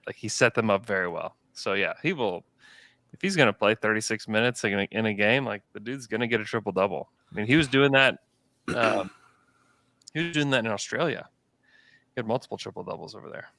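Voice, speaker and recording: A man's voice: on the low side, lively intonation, brisk, creaky, pushed and bright, no room sound. A man co-hosting a casual sports podcast, talking in a rambling, laid-back way with lots of fillers. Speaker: podcast co-host.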